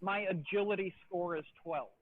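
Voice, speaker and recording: A man's voice: sits high, moderate pace, crowd noise. A man explaining rules smugly as a player in a tabletop game. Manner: smug, explaining. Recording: tinny phone-like voice chat.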